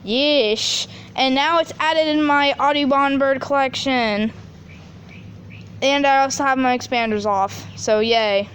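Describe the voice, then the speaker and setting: A woman's voice: high voice, steady tone, unhurried, fairly bright tone, a little hiss or hum. A teenage girl in a casual unboxing video, gushing and chatty with lots of fillers. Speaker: vlogger.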